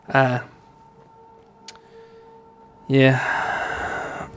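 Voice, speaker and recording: A man's voice: mid-range voice, animated, unhurried, soft background music. Rambling man narrating his gameplay. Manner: rambling, self-chatting with fillers and restarts. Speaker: gaming YouTuber. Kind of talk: casual let's play commentary.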